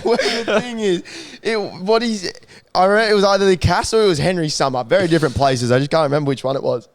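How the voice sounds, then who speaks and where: A young man chats loosely as podcast co-host, his voice a touch high and recorded dry and close. He laughs and swears through the banter. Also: quick pace, dry recording. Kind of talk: casual chat.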